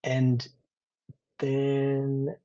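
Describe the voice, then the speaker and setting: A man's voice: mid-range voice, monotone, very slow, warm tone, dull audio. A man narrating as game master, chatty, laughing often and wandering off into digressions.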